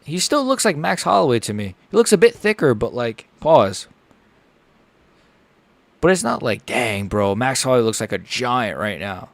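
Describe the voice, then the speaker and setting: A man giving casual, excitable live reaction commentary as a streamer, chatty and full of slang. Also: medium pitch, normal speed, vocal fry, dry recording. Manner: chatty, excitable, lots of "like" and "bro".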